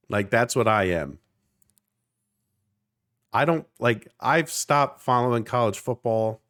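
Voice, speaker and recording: With a medium pitch and fairly bright tone, a thirty-something podcast co-host from South Jersey, near Philadelphia, speaks at a measured pace with long pauses. His chat is casual, passionate and rambling, spiced with the odd swear for emphasis.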